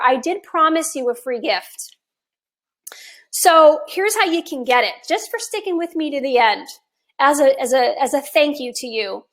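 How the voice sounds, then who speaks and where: A woman in her fifties, a health coach speaking casually and eagerly on a live stream, a little hoarse after talking for an hour. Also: high voice, a bit bright. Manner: enthusiastic, chatty, with occasional laughs. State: slightly hoarse from long talking.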